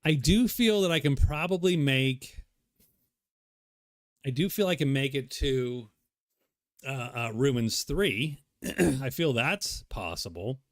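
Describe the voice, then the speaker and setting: A man's voice: medium pitch, expressive, slow, long pauses, no room sound, clean studio sound. A man thinking aloud as he plays a solo board game, rambling and muttering to himself. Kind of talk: casual solo playthrough commentary.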